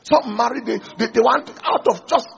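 A man preaching a sermon in an animated way, acting out small dialogues and asking the congregation questions. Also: very high voice, moderate pace, vocal fry, slightly rough, highs cut off. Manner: animated, acts out little dialogues, asks the audience questions.

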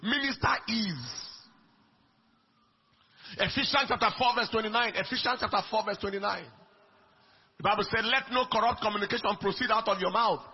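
A man delivers a sermon in a high-pitched voice that is gravelly and deeply husky. His delivery is emphatic, swinging between soft lines and shouted ones. The recording is dull and lo-fi. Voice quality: raspy, gravelly. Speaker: preacher.

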